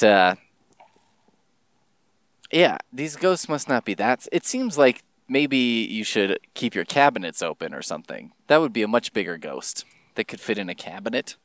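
A man rambling casually in a solo podcast monologue, swearing and jumping his pitch for emphasis. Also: a bit bright, no echo.

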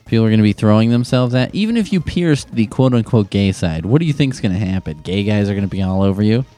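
Low, sarcastic man ranting. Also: lively intonation, quick pace, warm tone, faint music behind. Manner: sarcastic, profane rants. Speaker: advice-column host. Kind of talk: comedic advice monologue.

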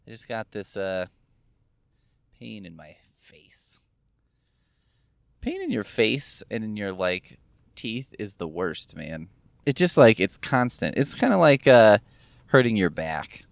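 A man with a fairly low voice that swings up and down as he muses, rambling through his thoughts in an offhand, profane way. He sounds a bit sore, still recovering from gum surgery, and talks as if to a camera while out and about. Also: wildly swooping pitch, a little slow, gravelly, dry recording. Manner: musing, wandering, swears casually. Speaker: vlogger. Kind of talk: casual rambling monologue. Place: in a car.

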